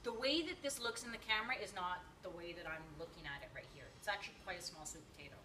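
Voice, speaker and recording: A woman's voice: on the low side, fast, far from the mic, background noise. A woman hosting a live cooking stream, chatting to viewers and reading their comments with many fillers and giggles. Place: home kitchen.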